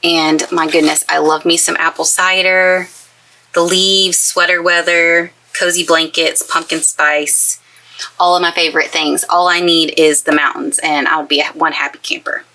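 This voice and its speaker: Bright, chatty woman. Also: on the low side, level tone, a little slow, poor audio. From East Texas. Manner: chatty, gushing and enthusiastic. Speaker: craft channel host. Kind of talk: casual craft tutorial chat. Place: craft space in a camper trailer.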